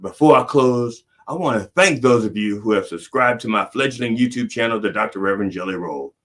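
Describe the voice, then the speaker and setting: A man's voice: fairly low pitch, a little fast, fairly bright tone. A middle-aged man delivering a rambling, profane mock sermon as a comedic preacher host.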